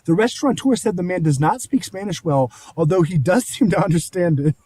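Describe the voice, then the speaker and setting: A man's voice: high-pitched, fairly quick, dark tone, dry recording. A man co-hosting a comedy podcast, reading news stories aloud and riffing crudely with his co-host. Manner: reads news aloud, joking and laughing.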